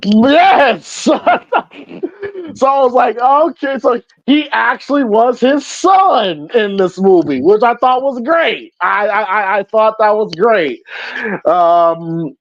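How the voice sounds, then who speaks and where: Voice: medium pitch, lively intonation, takes it slowly, slight background noise. A podcast host reviewing a film in casual chat, laughing often and acting out lines from the movie. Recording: dull, dry lo-fi sound.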